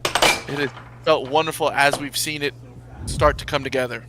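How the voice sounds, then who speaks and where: A man with an American accent co-hosting an air hockey stream, reading viewer chat messages and giving shout-outs. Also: mid-range voice, steady tone, normal speed, heavy background noise.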